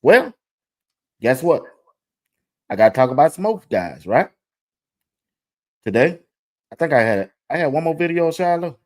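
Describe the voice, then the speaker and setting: A man hosting a sports talk show, chatting excitedly. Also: fairly high pitch, moderate pace, pauses often. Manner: excited, chatty, talks to viewers directly. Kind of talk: casual commentary over video clips.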